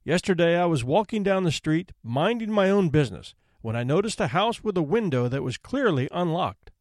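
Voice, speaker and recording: A man's voice: on the high side, big pitch swings, moderate pace, no echo, studio quality. A man voicing a smug, limping thief who brazenly complains to a judge in a storybook reading. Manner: brazen, self-pitying complaint. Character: smug limping male thief demanding justice.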